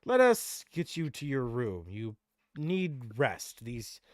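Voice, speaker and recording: A man's voice: medium pitch, big pitch swings, slow pace, a little mellow, no room sound, clean studio sound. A man voicing a grave, formal male angelic church leader in a tabletop game, speaking in a raised, declaiming way.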